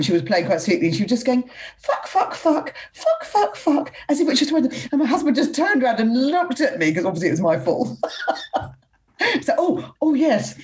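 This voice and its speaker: A middle-aged woman, hosting a casual chat and laughing often as she talks. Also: mid-range voice. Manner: giggly, warm and chatty.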